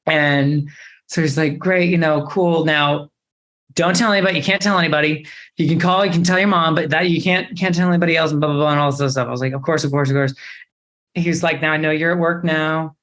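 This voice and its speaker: Young man telling a lively story. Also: fairly high pitch, quick pace. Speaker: actor guest. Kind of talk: casual interview storytelling.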